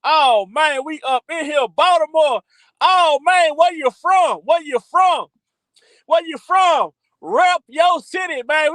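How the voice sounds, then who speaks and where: A man hosting a livestream, hyping up his chat with loud, repetitive shout-outs. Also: very high-pitched, no echo, poor audio. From Texas by way of Louisiana. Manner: hyped, repetitive, calls out to chat. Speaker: livestream host.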